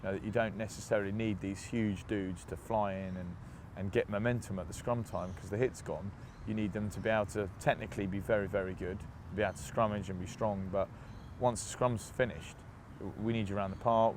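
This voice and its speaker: A man's voice: lowish voice, a little hiss or hum. A man from England, a rugby player, chatting as an interview guest, telling stories with laughs and mimicked voices. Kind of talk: casual interview chat.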